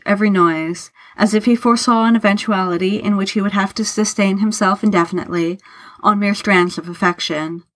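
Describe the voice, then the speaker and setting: Woman reading fiction aloud, unhurried. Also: mid-range voice. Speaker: narrator.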